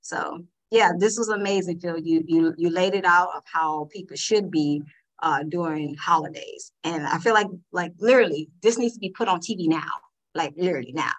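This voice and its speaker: A woman telling a story in a casual, animated chat, with lots of fillers and restarts. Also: fairly low pitch, moderate pace, poor audio. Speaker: guest panelist.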